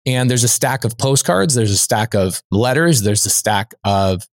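A man, a podcast guest, telling a personal anecdote in a lively, conversational way, dropping "like" as a filler. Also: mid-range voice, normal speed, no echo, studio quality. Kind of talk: storytelling anecdote.

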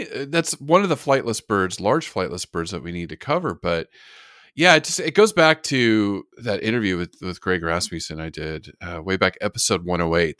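A man hosting a podcast, chatting casually in an animated, emphatic way. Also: fairly low pitch, no room sound, studio quality. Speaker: podcast host. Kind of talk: casual chat.

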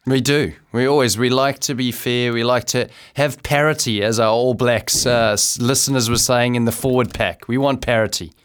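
A man's voice: mid-range voice, steady tone, normal speed, few pauses, clean tone. A man who co-hosts a cricket talk show as a former player, chatting in an easygoing, self-deprecating way. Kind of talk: casual studio banter.

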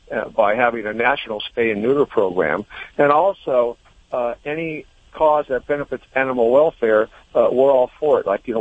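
A man's voice: medium pitch, dry recording. A man who runs an animal nonprofit, speaking hesitantly as a guest. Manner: hesitant, many "uh" fillers. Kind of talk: phone interview. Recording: husky, tinny phone line.

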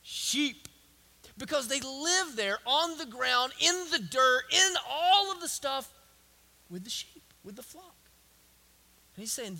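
A man's voice: very high-pitched, animated, takes it slowly, long pauses, sharp tone. A male pastor preaching a sermon in an emphatic style, repeating words and phrases for weight.

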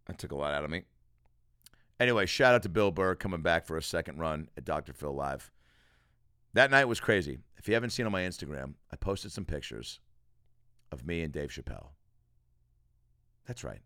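Animated, bright-voiced male podcast host. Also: sits low, dry recording, clean studio sound. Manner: quick, animated plugging and riffing. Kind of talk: casual solo podcast monologue.

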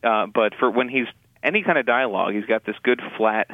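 A man co-hosting a casual film review chat, talking in halting, restarting sentences with wry asides. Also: medium pitch, dry recording. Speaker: film critic co-host. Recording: tinny phone-like line, dry.

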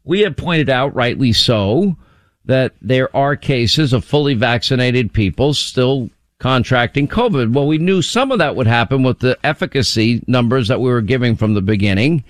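A man's voice: mid-range voice, expressive, moderate pace, dry recording. Talk radio host, male, dry close studio sound, wry and rambling.

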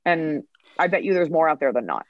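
A woman comic in her 30s, appearing as a podcast guest, tells stories chattily in a casual interview and acts out the quotes. Her voice is low-pitched and sing-song, fairly quick, recorded dry on a dull mic.

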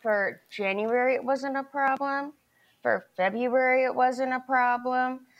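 A woman's voice: high-pitched, a little slow, lo-fi sound. Rambling middle-aged woman testifying. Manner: rambling, talks in restarts and acted-out quotes. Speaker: plaintiff in a small claims court case. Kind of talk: testimony in a televised courtroom.

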